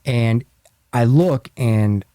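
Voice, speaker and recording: Mellow-voiced chatty podcast host. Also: male voice, medium pitch, very slow, smooth, dry recording, clean studio sound. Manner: animated storyteller, acts out quotes. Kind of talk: casual podcast chat.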